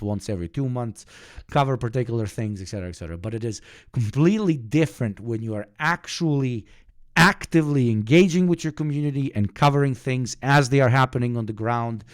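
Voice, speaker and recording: A man from the Balkans hosting a livestream, shouting profane, hyped thank-yous to his viewers until his voice goes hoarse, then settling into calmer, sincere talk. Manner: calmer, low-key and sincere. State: hoarse from screaming. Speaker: livestream host.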